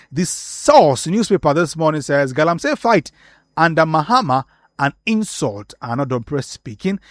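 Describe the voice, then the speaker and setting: Ghanaian male presenter, somewhat higher voice, brisk headline reader, dry close sound. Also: no room sound. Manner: brisk headline reading with fillers and asides. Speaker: newspaper review presenter. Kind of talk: reading newspaper headlines on air.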